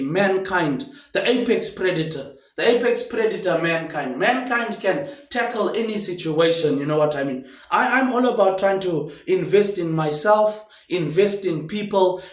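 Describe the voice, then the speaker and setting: A man in a rambling, casual monologue, drifting between loosely connected thoughts and ending nearly every phrase with "mate, eh". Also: high-pitched. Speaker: vlogger. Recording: roomy echo.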